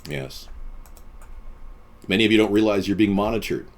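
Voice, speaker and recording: A man with a fairly low voice hosts a live stream and talks straight to his viewers. His delivery is deadpan and boastful, with pitch that rises and falls widely as he wanders from one subject to the next. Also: normal speed. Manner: deadpan, boastful, jumping between topics.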